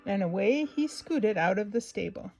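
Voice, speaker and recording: A woman reading a children's picture book aloud in a gentle, expressive way, pausing for asides to the young listener. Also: mid-range voice, creaky, faint music behind, low-quality recording. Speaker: storybook reader.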